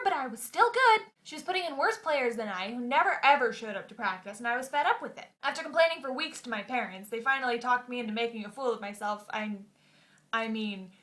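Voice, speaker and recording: A young woman talks straight to her camera in a loose, chatty vlog. Her voice sits a little high and rings bright, and she pokes fun at herself as she goes. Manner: chatty and self-mocking. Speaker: vlogger. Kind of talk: casual vlog storytelling.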